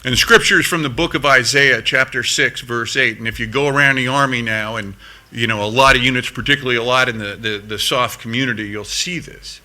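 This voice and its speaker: On a conference hall stage, a middle-aged American veteran tells a war story with earnest intensity. His mid-range voice is sharp and a little fast, and he doubles up on words as he accelerates.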